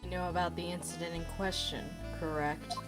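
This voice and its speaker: A woman voicing a cool, smug masked male prosecutor with an unhurried, dry delivery while reading game dialogue. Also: fairly low pitch, flat delivery, loud music behind the voice, natural voice.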